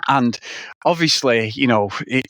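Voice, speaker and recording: A man's voice: medium pitch, measured pace, a bit bright, no room sound. A man, co-hosting a casual film podcast, retelling scenes in a rambling, sweary way. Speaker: podcast co-host.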